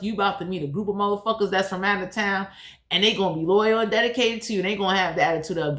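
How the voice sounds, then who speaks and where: A woman's voice: mid-range voice, steady tone, fast talker, sharp tone. Blunt, cursing woman in an echoey room. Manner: blunt, profane, heated. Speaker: tarot reader. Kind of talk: casual spiritual reading monologue.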